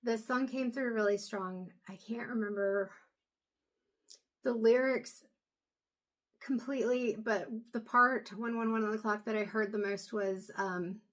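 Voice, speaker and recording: A woman doing an intuitive reading, talking to camera in a soft, halting way with many pauses and low energy. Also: fairly even intonation. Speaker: intuitive reader. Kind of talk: casual talk to camera.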